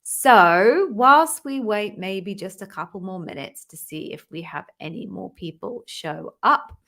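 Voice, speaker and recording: A woman hosts a live online Q&A as an interview coach. She talks in a chatty, welcoming way, teasing herself and greeting viewers. Her voice sits at a middle pitch. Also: lively intonation, unhurried, vocal fry, fairly bright tone. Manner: chatty, welcoming, self-deprecating. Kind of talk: live-stream casual chat.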